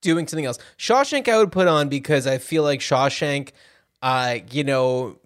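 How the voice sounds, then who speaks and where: A man's voice: medium pitch, normal speed, clean tone, no echo, studio quality. A man co-hosting a casual movie-chat podcast in an easygoing way, often filling gaps with "you know.". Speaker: podcast co-host.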